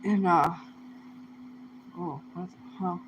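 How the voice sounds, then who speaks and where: A woman's voice: on the low side, steady tone, takes it slowly, background noise. A young woman talking to camera in a rambling, casual monologue, swearing heavily in loose, slangy speech. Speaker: vlogger.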